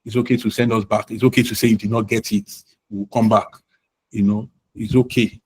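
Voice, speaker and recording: A man teaching a live online class, encouraging and loose, filling pauses with "um" and "you know". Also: on the low side, level tone, a little mellow, slightly rough, low-quality recording. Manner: encouraging, uses many fillers and "you know". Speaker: product management instructor.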